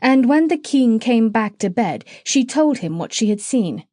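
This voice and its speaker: A woman's voice: on the high side, very animated, measured pace, warm tone, dry recording, studio quality. A woman narrating a children's classic audiobook, reading aloud and switching between character voices. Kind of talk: storybook narration.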